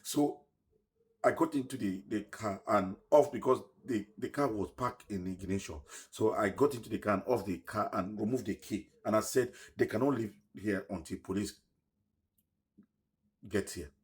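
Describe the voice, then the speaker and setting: A middle-aged man telling his own story in an earnest, emotional way, often dropping to a hushed voice. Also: fairly low pitch, moderate pace. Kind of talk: personal story told to camera.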